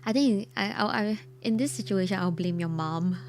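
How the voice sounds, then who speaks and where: A woman streamer with a hoarse, croaky voice, chatting casually and reacting expressively to horror stories, quick to laugh and repeating her exclamations. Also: mid-range voice, a little hiss or hum. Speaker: streamer hosting a story night. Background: soft ambient music.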